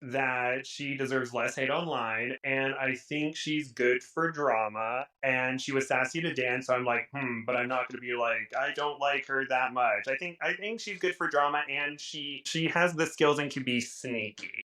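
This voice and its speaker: A podcast co-host in casual chat, thinking out loud with likes and restarts. The voice has a bright, sharp tone. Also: mid-range voice, moderate pace, poor audio. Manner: thoughtful, hedging, with many likes and restarts.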